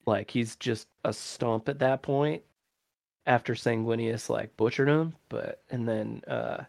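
A man from North America talks casually as a podcast guest, laid-back and quick to laugh. His mid-pitched voice has a gravelly edge, and the recording is dry. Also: a little mellow, dry recording. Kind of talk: casual chat.

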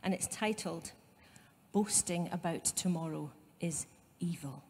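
A woman's voice: on the low side, unhurried, a little mellow, long reverb tail, slight background noise. A woman pastor with a Scottish accent giving a conversational sermon, with asides to her congregation. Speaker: site pastor. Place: church.

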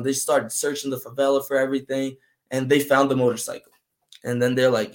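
A young man from Brazil, a native Portuguese speaker, telling his story in a casual interview, animated and full of "man" and "like". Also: medium pitch, fairly quick. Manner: animated, acts out voices in quotes, fills with "man" and "like". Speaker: guest.

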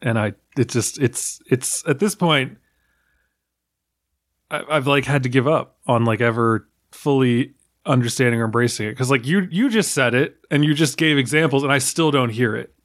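A man's voice: medium pitch, moderate pace. A man hosting a podcast in casual chat. He rambles, runs himself down, and swears casually. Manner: rambling, self-deprecating, casually profane. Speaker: podcast host.

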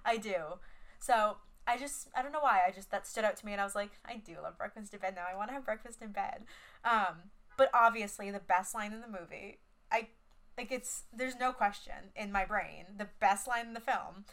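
A young woman co-hosting a podcast in casual chat, animated, swearing freely and filling her talk with "like". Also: mid-range voice, moderate pace. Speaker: podcast co-host.

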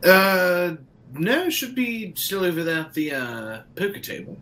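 A man's voice: high-pitched, very animated, measured pace, sharp tone. A man playing a tabletop game in character, friendly and easygoing. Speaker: player. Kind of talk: in-character tabletop role-play.

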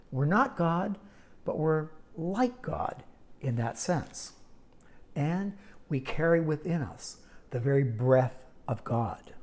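A woman teaching a Bible lesson in sermon style, storytelling with dramatic pauses and wry asides. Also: extremely low pitch, warm tone.

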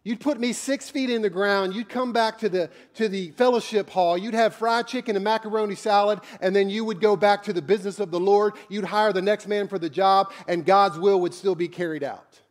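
A pastor preaches a sermon in church, conversational and joking, tossing blunt asides to the congregation. His voice sits high with fairly even intonation, delivered briskly with few pauses.

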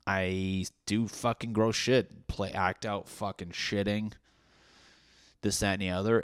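A young man with a lowish voice rambles through his stand-up life, swearing freely and poking fun at himself. He keeps veering into asides and half-finished thoughts. The sound is dry and close, with no room around it. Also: smooth, no echo. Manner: profane, self-deprecating, trailing off into asides. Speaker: stand-up comedian. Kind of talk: casual rambling monologue.

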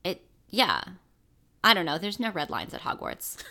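Animated, profane young woman co-host. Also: lowish voice, moderate pace. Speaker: podcast co-host. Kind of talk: casual chat.

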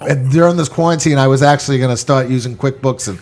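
A man who owns a small venue talks loosely and casually, dropping curses into most sentences and answering others with strings of "yeah, yeah". His voice sits at an ordinary male pitch. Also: fast. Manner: profane, laid-back, many affirming "yeah"s. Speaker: venue owner. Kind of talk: casual chat.

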